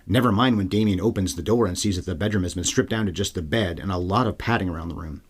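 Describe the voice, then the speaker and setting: A man's voice: low-pitched, fast, breathy edge. A man hosting a solo film review podcast, talking in a casual, irreverent way with wry, sarcastic asides. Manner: profane, irreverent. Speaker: podcast host.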